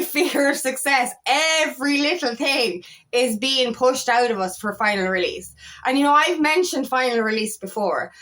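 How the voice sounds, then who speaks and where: A feminine empowerment coach, a young woman with a slightly high, fairly bright voice, talks casually to camera about spiritual growth. She sounds tired and emotional, rambling with lots of restarts and repeated words.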